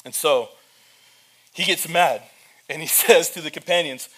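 Man with a slightly high voice, preaching with humor and talking straight to the congregation. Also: measured pace, pauses often. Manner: lively storytelling with humor; addresses the church directly. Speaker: pastor. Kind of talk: sermon.

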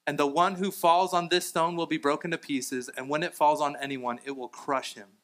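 A male pastor preaching a sermon and reading scripture aloud, with fillers and restarts, rising to emphatic lines and dropping to quiet ones. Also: steady tone, normal speed. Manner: swings between raised emphatic lines and low, quiet ones.

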